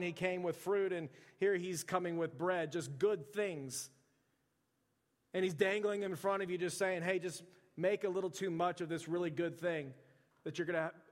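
A man preaching a sermon as a pastor, in a conversational style with chatty asides. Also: high voice. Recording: long reverb of a large hall.

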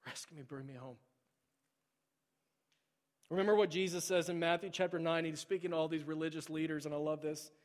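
Male pastor, higher-pitched, passionate sermon in a church with long reverb. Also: fairly even intonation, a little fast, long pauses. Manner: swings from loud, urgent preaching to hushed near-whispers. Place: church sanctuary.

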